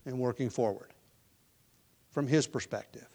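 This preacher works through a book of the Bible verse by verse, speaking in a measured, deliberate way and slowing to underline key points. His voice sits in the mid range with a dark tone, and he sometimes says "um" or corrects himself.

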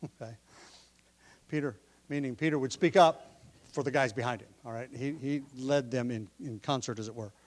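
A pastor preaching a sermon, explaining the text from his notes and pressing his listeners with forceful questions. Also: medium pitch, moderate pace. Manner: teaching from notes, explains word meanings.

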